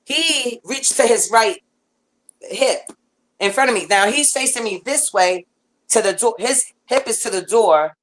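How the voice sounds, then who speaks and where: A woman guest telling a long story in casual chat, animated and rambling, with lots of fillers and restarts. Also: on the high side, a little slow, rough recording.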